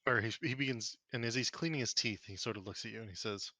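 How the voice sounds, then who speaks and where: A man narrating as game master of a tabletop game, in a relaxed, loose way. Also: mid-range voice, fast talker, dry recording.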